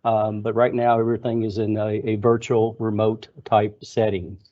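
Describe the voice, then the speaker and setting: Older Kentucky man, halting webinar update. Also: on the low side, little pitch movement. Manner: halting, many fillers. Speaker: HR board member. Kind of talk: remote meeting update. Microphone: video call. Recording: dull lo-fi webinar audio.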